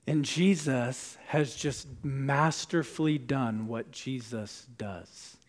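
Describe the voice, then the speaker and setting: A man preaching a sermon as a pastor, deliberate, dropping to a hushed voice on key words. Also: medium pitch.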